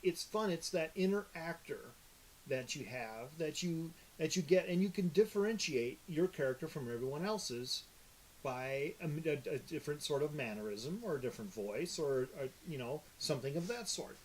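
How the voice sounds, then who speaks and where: A man's voice: a little high, expressive, moderate pace, a little hiss or hum. A man from the upper Midwest chatting casually as a podcast co-host, rambling and full of fillers. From upper Midwest United States. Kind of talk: casual chat.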